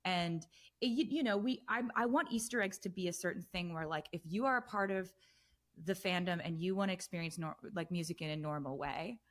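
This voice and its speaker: A woman in her thirties, a guest on a casual podcast, telling animated stories with lots of fillers. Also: lowish voice, a little fast. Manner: chatty, animated storytelling with frequent fillers. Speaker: guest musician.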